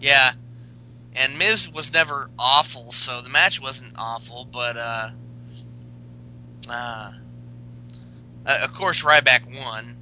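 A man's voice: mid-range voice, takes it slowly, pauses often, pushed and bright, a little hiss or hum, low-quality recording. A man co-hosting a casual podcast chat, meandering with lots of fillers and crude jokes. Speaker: podcast co-host.

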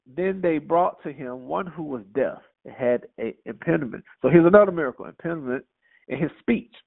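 A man teaching a Bible study in a lively, conversational way, reading verses and asking rhetorical questions. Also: mid-range voice, gravelly. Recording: tinny phone-like audio.

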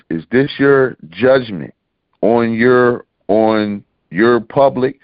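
A man's voice: medium pitch, dry recording. A man hosting a casual call-in radio chat and pressing bluntly with his questions. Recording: dull lo-fi dry sound.

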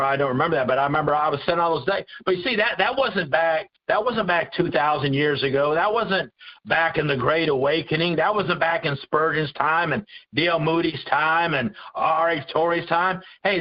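A man's voice: fairly high pitch, moderate pace. A man teaching a Bible study in a conversational preaching style, earnest and full of restarts and repeated words. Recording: dull lo-fi recording.

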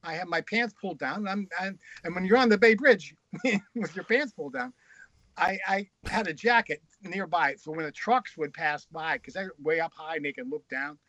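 A man with a high, bright voice spins frank, crude stories as a guest author. His delivery is casual and animated. The recording is dry and slightly muffled. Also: normal speed, no room sound. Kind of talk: casual anecdotal storytelling.

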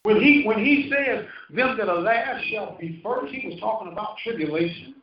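Captured from a distance in a roomy, muffled church recording, a man in his fifties delivers a call-and-response sermon in the sanctuary. His high voice is animated, moving at a moderate pace and rising and falling for emphasis.

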